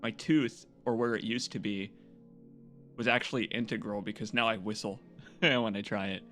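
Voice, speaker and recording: A man chatting casually and excitedly to his viewers as a game streamer, rambling and joking. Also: on the low side, normal speed, soft background music. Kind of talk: casual live-stream chat.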